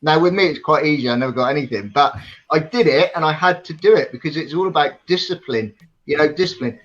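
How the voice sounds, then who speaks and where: Guy with a higher voice telling stories, muffled lo-fi sound. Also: quick pace, fairly bright tone. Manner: anecdotal, storytelling. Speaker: guest medium. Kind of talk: casual discussion. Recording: dull lo-fi sound.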